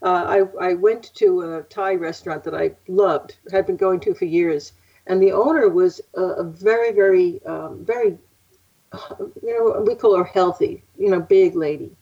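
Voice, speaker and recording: A woman's voice: fairly low pitch, moderate pace, mellow. An older woman, a psychic guest, telling stories in a casual interview, chatty and laughing often. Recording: muffled lo-fi audio.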